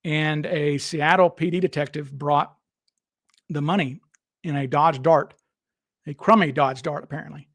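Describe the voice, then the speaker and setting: A man's voice: fairly high pitch, measured pace, long pauses, a bit bright, no echo. A man hosting a casual live stream, rambling and restarting his sentences as he talks to viewers in chat. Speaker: livestream host.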